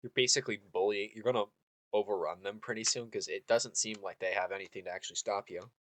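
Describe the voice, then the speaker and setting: A man running a tabletop game as game master, loose and halting, with many fillers. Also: on the low side, steady tone, a bit bright, a little hiss or hum.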